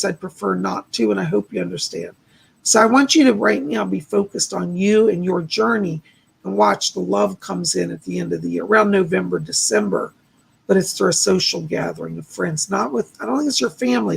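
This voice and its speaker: A man hosting a live stream as a psychic medium, giving casual readings and advice in a gentle, reassuring, chatty way. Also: sits high, creaky, breathy edge.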